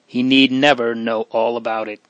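A frantic young girl choked with grief, as a male storyteller puts her on, pleading and breaking as she speaks. The voice sits a little higher than a man's usual talk, in a dry, close recording with no room sound. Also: little pitch movement, normal speed, fairly bright tone, no echo, muffled recording, lightly acted. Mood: strained calm. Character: frantic grieving young girl, sobbing sister.

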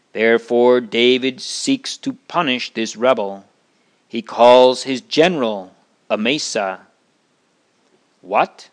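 A man narrating a Bible story in a slow, earnest way, stopping to comment on the rights and wrongs of the characters. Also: mid-range voice. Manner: slow, earnest, moralizing asides.

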